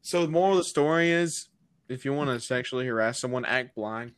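Young man, podcast co-host, casual chat, deadpan, laid-back storytelling. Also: mid-range voice, brisk, smooth.

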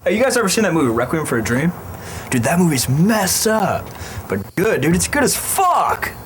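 A man putting on a loud, excitable dude who raves about a movie with a drawn-out slacker drawl. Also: on the high side, a little hiss or hum. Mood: excited.

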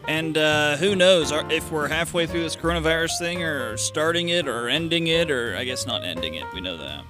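A man's voice: on the high side, expressive, normal speed, music in the background. A man hosting a casual solo radio show, rambling and sarcastic, with lots of fillers and restarts.

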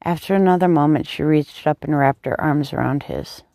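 A woman narrates a story in a calm, measured way. Her voice is mellow and dark with a gravelly texture. The recording is dry and close, with no echo. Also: sits low. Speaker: audiobook narrator.

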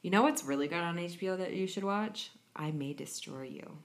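A woman in her thirties co-hosts a podcast with a lowish voice. She chats casually and teases her co-host often. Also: brisk. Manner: joking, teasing. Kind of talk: casual chat.

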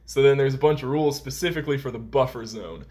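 A man's voice: medium pitch, fast talker, a little mellow. Young man rambling through a story. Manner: rambling, heavy use of "like" and "um". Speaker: podcast co-host. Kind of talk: casual storytelling chat.

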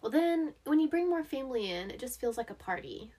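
A woman's voice: high voice, a little fast. A woman in her thirties, a mother of four, co-hosting a casual chat and telling family stories with lots of laughter. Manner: chatty, animated storyteller who laughs easily. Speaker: podcast co-host.

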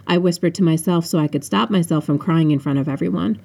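A woman's voice: sits low, fast, vocal fry, hardly any pauses, darkish tone. Woman narrating her own audiobook. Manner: casual narration with offhand asides. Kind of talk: unedited first-person audiobook narration.

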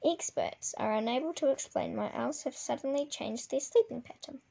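A woman's voice: high voice, moderate pace, vocal fry, mellow, exaggerated voice. A woman voicing a male television newsreader with a formal broadcast delivery.

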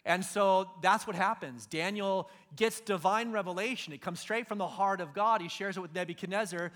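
Bright, high-voiced man preaching casually. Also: normal speed, few pauses. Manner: casual storytelling, acts out biblical figures in slang. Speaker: pastor. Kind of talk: sermon.

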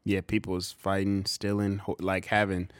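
A man's voice: deep voice, monotone, moderate pace, clear, resonant tone, dry recording, studio quality. A man co-hosting a podcast in laid-back casual chat, laughing along. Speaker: podcast co-host.

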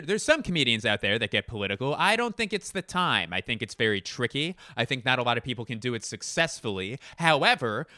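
A man's voice: medium pitch, pushed and bright, no echo, studio quality. A man doing an impression of a boyish, fussy male comedian, with a prim, sing-song stand-up delivery.

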